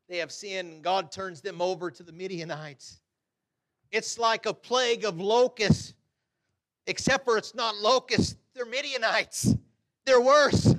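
Fervent male preacher, high-pitched, slow, loud-to-soft sermon delivery. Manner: fervent, shifting between loud exhortation and soft asides.

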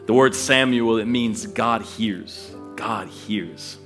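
A middle-aged pastor preaching, reading scripture and telling lively personal stories, acting out voices and laughing as he goes. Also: mid-range voice, slow, hardly any pauses, faint music behind. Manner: animated storytelling, acts out voices, laughs often.

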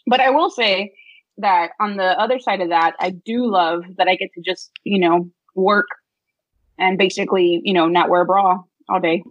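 A woman's voice: lowish voice, fairly even intonation, moderate pace, dry recording, lo-fi sound. A woman co-hosting a podcast in casual chat, chatty and slangy, cracking jokes. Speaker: podcast co-host.

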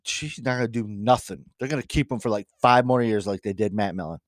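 A man co-hosting a casual sports podcast, ranting with animated outbursts. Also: on the low side, brisk, no echo, clean studio sound. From Detroit area. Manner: animated, ranting, bursts into shouting. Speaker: podcast co-host.

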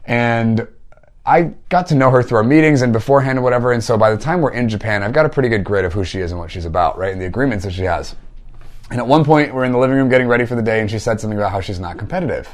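A man mentoring listeners in a casual teaching talk, conversational, often tagging thoughts with "like" and "right?". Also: on the low side. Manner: conversational, frequent "like" and "right?" tags.

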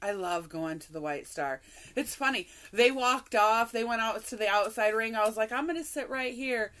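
A woman co-hosting a podcast, telling a story in a casual, animated way, swearing and laughing often. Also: a little high, moderate pace. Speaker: podcast co-host.

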